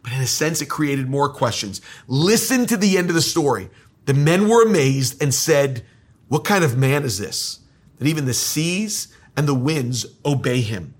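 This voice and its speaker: A man preaching a sermon, reading scripture aloud and stretching key words slowly for emphasis. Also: medium pitch, animated, breathy edge. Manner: reads scripture aloud and comments on it. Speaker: pastor.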